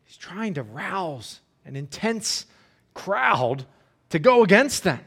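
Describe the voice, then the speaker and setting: A man's voice: high voice, sing-song, takes it slowly, vocal fry, fairly bright tone, breathy edge. A man preaching a sermon, speaking conversationally and often checking in with "right?", now and then briefly acting out the enemies' jeering words. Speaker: pastor.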